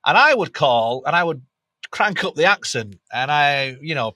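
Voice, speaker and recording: Bright, nasal northern man telling stories. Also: mid-range voice, normal speed, no room sound. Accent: Northern English. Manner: lively anecdotal, laughs often, many restarts. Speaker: podcast guest. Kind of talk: candid storytelling in an interview.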